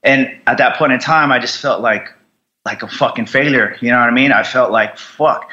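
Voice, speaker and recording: A young man, a Marine veteran, telling his story bluntly in an interview, with heavy swearing and halting restarts. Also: medium pitch, bright, forceful tone, muffled recording.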